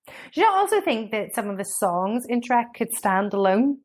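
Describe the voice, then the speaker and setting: A woman's voice: a little high, very animated, normal speed. Woman, podcast co-host, enthusiastic, chatty, casual conversation. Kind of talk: casual chat.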